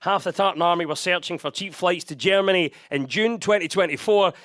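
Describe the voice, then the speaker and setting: A Scottish man hosts a comic news quiz in a high voice. He reads scripted jokes briskly and leans on puns. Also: fairly bright tone, no room sound, clean studio sound. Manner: brisk and punning. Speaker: quiz show host.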